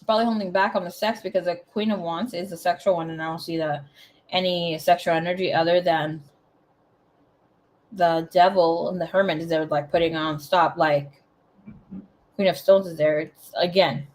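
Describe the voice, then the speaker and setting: A woman's voice: on the low side, fairly even intonation, moderate pace. A woman giving a casual tarot reading in a chatty, blunt way, swearing freely as she talks. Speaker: tarot reader.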